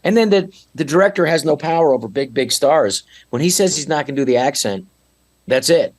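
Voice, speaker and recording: A man talking as a podcast guest in a rambling, animated way, with frequent restarts. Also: fairly high pitch, fairly quick. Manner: animated, rambling, slips into mock accents. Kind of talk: casual podcast chat.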